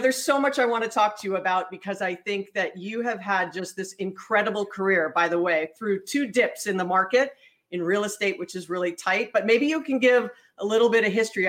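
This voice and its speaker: A woman's voice: mid-range voice, fairly bright tone. A woman hosting an interview podcast, upbeat and friendly as she talks with her guest. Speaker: podcast host. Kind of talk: hosted interview.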